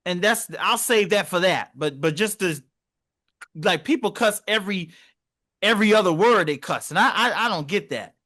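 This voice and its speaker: A young man co-hosts a podcast in loose, animated conversation, acting out the people he quotes. His voice sits high and rings bright. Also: moderate pace. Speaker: podcast co-host. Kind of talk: casual conversation.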